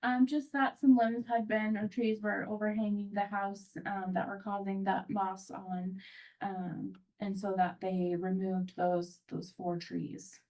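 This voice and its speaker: A woman's voice: mid-range voice, little pitch movement, unhurried, darkish tone, rough recording. A woman on a town commission who runs the hearing and sums up the facts in a matter-of-fact way. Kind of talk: town meeting proceedings.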